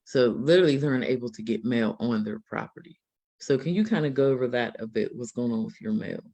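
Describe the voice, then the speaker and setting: A man's voice: mid-range voice, a little fast, creaky, darkish tone. A man hosting a live stream discussion, speaking hesitantly with many fillers as he sums up a case. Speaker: host.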